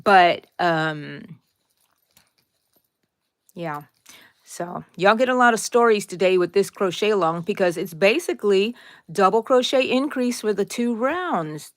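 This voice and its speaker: A woman's voice: mid-range voice, lively intonation, unhurried, long pauses, no echo, clean studio sound. A middle-aged woman hosting a casual live crochet tutorial, chatting, drifting into side stories, and answering viewers by name.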